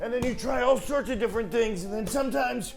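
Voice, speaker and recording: A man's voice: very high-pitched, fast, creaky, soft background music. A man performing a confessional stage monologue, earnest and emotional as he speaks to his late mother, tearful at times.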